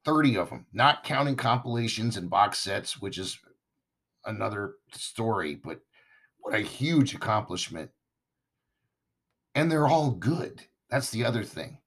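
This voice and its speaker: A man hosting a podcast in a casual, chatty monologue, his voice hoarse and raspy as he recovers from losing it. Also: lowish voice, lively intonation, a little slow, a bit bright. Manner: chatty, enthusiastic, talks straight to listeners. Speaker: podcast host.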